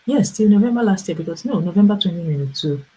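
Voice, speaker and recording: Low, mellow-voiced woman telling a story. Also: fast, slightly rough, rough recording. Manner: animated storyteller, acts out quoted voices with laughs. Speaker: livestream host and business coach. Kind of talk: casual storytelling livestream.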